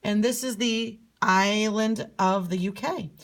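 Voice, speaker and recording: A woman's voice: mid-range voice, takes it slowly. Playful woman telling a map story. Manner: playful, sing-song, lively storyteller. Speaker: teacher. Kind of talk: storytelling geography lesson.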